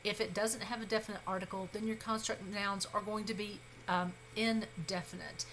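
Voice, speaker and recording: A woman instructor talks through a recorded grammar lesson in a bright, clear voice. She is patient and reassuring and pauses on fillers and quick self-corrections. A faint room hum sits behind her. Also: medium pitch, rough recording. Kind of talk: recorded lecture.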